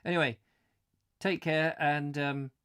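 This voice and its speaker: A man's voice: a little high, steady tone, slow, fairly bright tone, clean tone. A man hosting a live stream from home, chatting casually and self-deprecatingly to his viewers.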